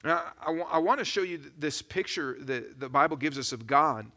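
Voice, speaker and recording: A man preaching a sermon as a pastor, in a conversational, animated storytelling manner. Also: on the high side, a little fast.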